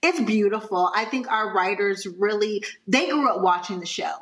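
Sincere woman guest, mid pitch. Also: moderate pace, fairly bright tone. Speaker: guest actor. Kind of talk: interview.

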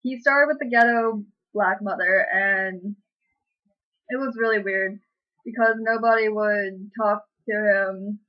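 A woman's voice: mid-range voice, steady tone, slow, dull audio. A woman vlogger chatting casually and giggling often as she reads an online chat aloud. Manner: giggly, lots of fillers and laughs.

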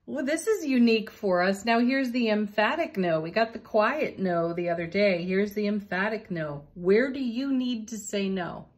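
A woman giving a spiritual tarot and oracle card reading, gentle and encouraging, laughing softly between cards. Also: medium pitch, lively intonation, moderate pace, hardly any pauses.

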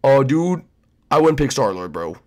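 A man's voice: mid-range voice, very animated, moderate pace, a little mellow, close to an everyday voice. A man voicing a laid-back young dude who keeps saying bro in a Minecraft roleplay. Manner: slangy, drawling.

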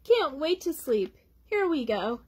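A woman voicing a tired, grumpy bear in a storybook reading, giving short, flat refusals. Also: high voice, takes it slowly, voice pushed up, full character voice. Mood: weary. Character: sleepy, grumpy bear wanting rest.

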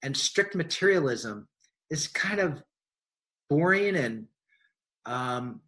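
A man's voice: fairly high pitch, animated, slow pace, a bit bright. A man, a science writer, answering interview questions in a thoughtful, rambling way with frequent restarts.

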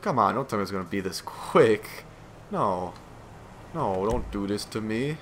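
A man's voice: lowish voice, expressive, measured pace, fairly bright tone, a little hiss or hum. A man giving casual gameplay commentary, rambling, swearing and self-deprecating, sounding tired and yawning.

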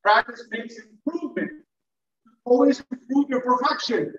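A male teacher giving a classroom lecture to students, animated and playful, acting out examples as he goes. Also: extremely high pitch, normal speed, slight background noise. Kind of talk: classroom lecture on public speaking. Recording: echoey classroom from far off, dull.

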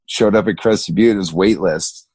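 A man in his thirties, a big mountain skier guest, telling stories in a relaxed, slangy way, laughing often and acting out what people said. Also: low voice, moderate pace, husky, no room sound. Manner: laid-back, slangy, laughs often, acts out quotes. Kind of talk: casual storytelling interview.

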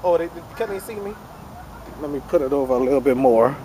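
Vlogging outdoors on a handheld camera, a woman talks fast in a low, expressive voice while a crowd murmurs behind her. Straining at exercise equipment, she stammers, repeats words, groans, calls for help, and laughs at herself in a self-mocking way.

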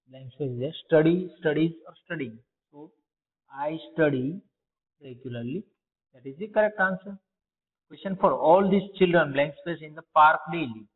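A man's voice: on the high side, breathy edge. A man with an Indian English accent, a teacher going through test answers for pupils and asking and answering his own questions. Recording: phone-like, long reverb.

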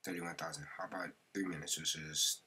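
A man's voice: a bass voice, fairly even intonation, brisk, sharp tone, breathy edge. A man narrating his gameplay casually, slangy and chatty, often muttering or whispering to himself. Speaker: gaming video creator.

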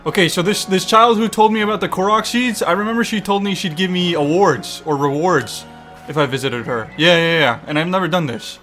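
A young man giving excitable, profane let's-play commentary, talking to the game and its creatures as he plays. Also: high voice, a little fast, music in the background. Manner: excitable, swearing, talks to the game. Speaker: gaming YouTuber.

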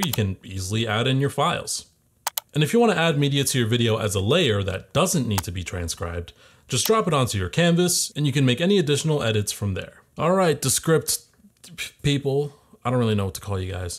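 A young man hosting a scripted software tutorial in a playful, jokey way. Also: medium pitch. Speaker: tutorial host.

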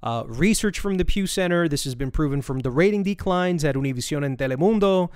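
A man hosting a podcast in a smooth, resonant voice that sits a little high. He sounds dry and close to the mic, with faint music underneath. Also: expressive, fairly quick, a little mellow, dry recording. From United States. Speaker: podcast host. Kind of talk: scripted show hosting.

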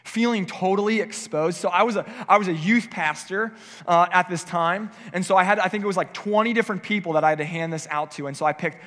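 A man's voice: sits high, quick pace, a bit bright, in a large hall. A male pastor preaching a conversational sermon, acting out what people might say. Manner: conversational preaching, acts out quoted voices. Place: church sanctuary.

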